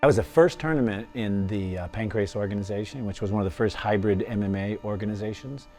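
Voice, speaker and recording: A man, a former fighter, telling his life story in an interview, lively and often laughing as he acts out what others said. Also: lowish voice, quick pace, soft background music.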